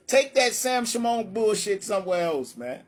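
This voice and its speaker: A man hosting a live-streamed religious debate, brash and taunting, calling challengers up and laughing at his own points. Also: high-pitched. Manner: brash and taunting, calls people up.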